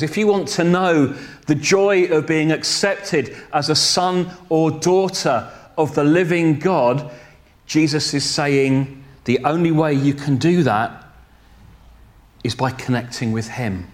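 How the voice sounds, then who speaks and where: Guy giving a sermon, kinda high voice, takes his time, fixes his own words. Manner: slow, deliberate delivery with self-corrections and light humor. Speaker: preacher.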